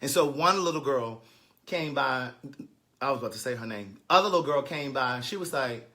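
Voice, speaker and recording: A man telling a comic story, acting out pleading students in a higher voice and answering them low and stern. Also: expressive, moderate pace, pushed and bright. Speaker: storyteller recounting a teaching day.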